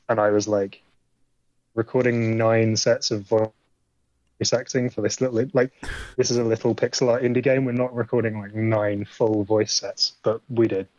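A man's voice: fairly low pitch, a little mellow, no room sound. A man, an indie game developer guest, chatting casually on a podcast, rambling with lots of "like" fillers. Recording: dull dry lo-fi audio.

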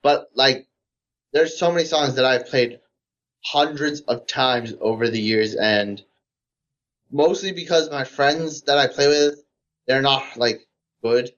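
Rambling excited man, dull audio. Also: medium pitch, takes it slowly. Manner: rambling, heavy use of "like", enthusiastic fan tone. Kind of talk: casual podcast chat.

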